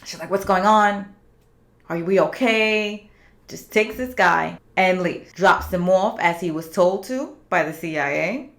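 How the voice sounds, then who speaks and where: A woman's voice: lowish voice, fairly bright tone. A woman reviewing a TV series finale in a casual, opinionated recap. She talks straight to her viewers and drops into the characters' lines as she retells scenes. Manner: chatty and opinionated, with asides to viewers.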